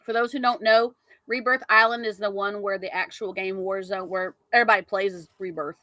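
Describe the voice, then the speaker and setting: A woman's voice: mid-range voice, steady tone, a little fast, sharp tone, no echo. A woman co-hosting a live-streamed podcast, chatting casually while eating her food. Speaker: podcast co-host.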